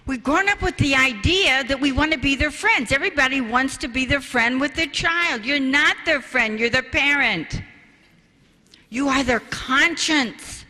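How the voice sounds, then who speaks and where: A woman's voice: sits high, pushed and bright. An older woman giving a spiritual parenting talk, telling stories and acting out the quoted voices with animation. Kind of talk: storytelling talk to an audience. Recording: reverberant hall.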